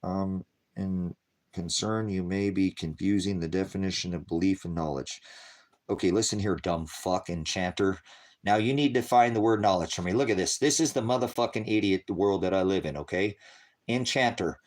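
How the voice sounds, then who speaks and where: A very low-voiced man preaching live to an online audience. He curses constantly and belittles viewers. He lurches from loud outbursts to low mutters. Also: normal speed. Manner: profane, combative, berating viewers; loud, swings between shouting and muttering. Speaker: livestream preacher. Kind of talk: ranting livestream preaching to chat.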